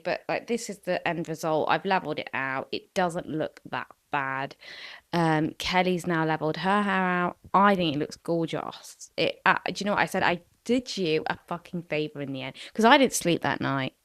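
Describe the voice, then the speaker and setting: Woman in her twenties, podcast host, low voice, chatty, sweary, lots of fillers, dry close sound. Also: no room sound. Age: 20s. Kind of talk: casual solo podcast chat.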